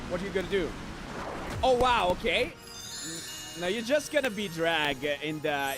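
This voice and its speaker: A man streaming a video game, reacting excitably to it with frequent laughter and shouted exclamations. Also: high voice, unhurried, pauses often. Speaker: VTuber streamer. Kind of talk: live gameplay commentary. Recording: game music behind the voice.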